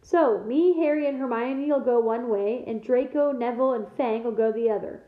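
A woman reads aloud to her class at a moderate pace, her voice on the high side yet close to how she normally speaks. In an instructing mood, she voices a gruff, commanding half-giant gamekeeper with blunt country speech, heard in an echoey room over a thin, phone-like line.

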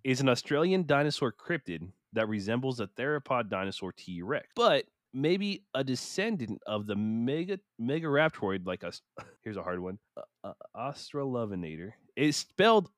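A very animated man with a medium-pitched voice co-hosts a casual podcast at normal speed, reading out accounts and joking along, often laughing and stumbling over hard words. The studio-quality recording has no room sound.

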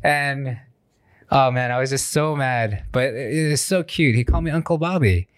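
An American man co-hosting a casual podcast, telling animated stories and laughing as he talks. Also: mid-range voice, moderate pace, no echo, studio quality. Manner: animated storyteller, laughs often, acts out voices. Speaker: podcast co-host.

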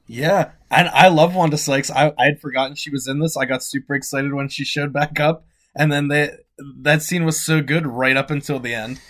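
A man co-hosting a podcast, telling amused stories in a relaxed, casual way. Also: on the high side, moderate pace, few pauses. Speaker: podcast co-host.

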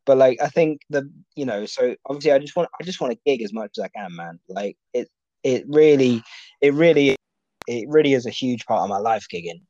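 Rambling sweary comedian, muffled audio. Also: male voice, medium pitch, animated, fairly quick, warm tone, no room sound. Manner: rambling, lots of fillers and restarts, sweary. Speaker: stand-up comedian, guest. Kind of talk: casual podcast chat.

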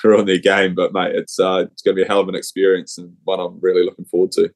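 A man's voice: low-pitched, completely flat delivery, fast, a little mellow. A young man with a New Zealand accent and a cold, chatting in a rambling, slangy, laid-back way as a podcast guest. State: has a cold. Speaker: rugby player guest. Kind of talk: casual chat.

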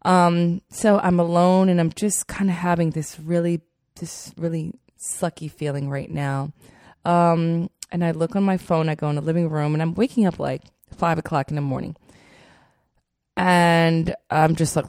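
Earnest woman podcast host, gravelly texture, dry close mic, personal storytelling. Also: sits low, steady tone, unhurried, a little mellow, dry recording. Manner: earnest, heartfelt, with fillers and repeats.

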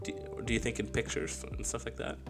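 A man's voice: medium pitch, fairly quick, creaky, music in the background. A young man co-hosting a podcast, talking casually, with slang, laughter and restarts. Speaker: podcast co-host. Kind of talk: casual chat.

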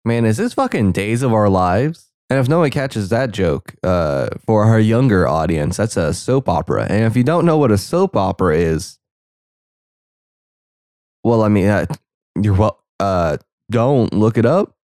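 A young man gives casual reaction commentary over a movie, full of sarcastic asides. His voice sits on the low side. The recording is dry and close, with no room sound. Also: very animated, measured pace, a little mellow, no room sound.

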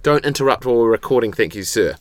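A young man co-hosting a podcast in a studio, telling rambling stories with dry, deadpan humor. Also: mid-range voice, quick pace, dry recording. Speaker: podcast co-host. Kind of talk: casual chat. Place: recording studio.

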